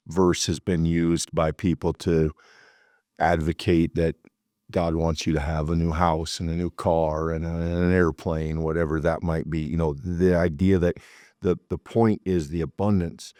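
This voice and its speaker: A man discussing scripture in a Bible study, thoughtful and measured, stammering a little as he starts his phrases. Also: low-pitched, darkish tone, no echo, clean studio sound. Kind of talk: conversational Bible teaching.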